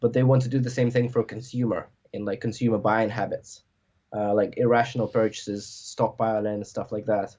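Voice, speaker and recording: A man's voice: lowish voice, little pitch movement, moderate pace, a little mellow, husky, muffled recording. A man hosting a podcast in casual conversation, rambling with lots of filler words. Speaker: podcast host.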